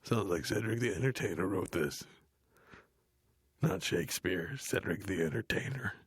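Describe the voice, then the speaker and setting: An actor playing a dim, gruff heavy metal frontman, reading a book aloud in a deadpan, grumbling, dismissive way, with a gravelly, growly voice. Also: deep voice, moderate pace, dry recording, studio quality. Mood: bored grumbling. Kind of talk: comedic audiobook reading.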